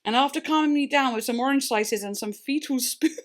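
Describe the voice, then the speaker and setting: A young woman with a slightly high voice hosts a music reaction video. She reads lyrics and explanations aloud in an animated, offhand way, swearing casually and breaking into laughs. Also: fairly quick.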